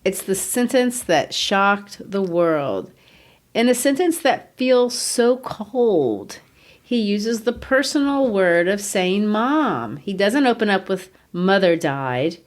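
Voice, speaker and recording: A woman's voice: mid-range voice, big pitch swings, takes it slowly. Woman cohosting a lit podcast, earnest, explains stuff, asks rhetorical questions. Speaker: podcast co-host. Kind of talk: conversational literature discussion.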